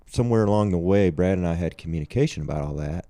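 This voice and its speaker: A man's voice: low-pitched, fast, warm tone, no room sound. A man co-hosting a podcast, recounting a story in an easygoing, step-by-step way. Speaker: podcast co-host. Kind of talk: casual chat.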